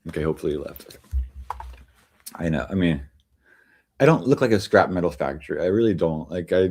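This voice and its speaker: A man with a fairly low voice hosts a casual livestream from his home. He rambles loosely, restarting his sentences and leaning on fillers as he chats with the viewers. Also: expressive, a little fast, a little mellow, a little hiss or hum. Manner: chatty and meandering, many fillers and restarts. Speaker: livestream host.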